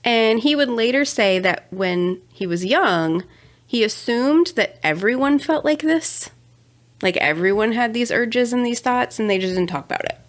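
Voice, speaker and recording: A woman's voice: on the high side, expressive, unhurried. A young adult woman co-hosting a casual true-crime podcast, chatty with sarcastic asides. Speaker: podcast co-host.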